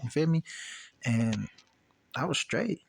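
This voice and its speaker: A man's voice: medium pitch, lively intonation, slow pace, creaky, a little hiss or hum. Guy vlogging outside his house, telling a story in slang, keeps repeating himself and saying "you feel me" type stuff to viewers. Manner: street slang, repeats phrases, addresses viewers directly. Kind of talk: casual storytelling to camera. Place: outdoors near his house.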